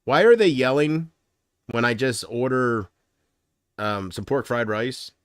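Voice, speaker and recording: A man chatting casually on a livestream, rambling and griping. He swings from loud complaints to muttered asides and trails off mid-sentence. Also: mid-range voice, expressive, takes it slowly, dry recording, studio quality.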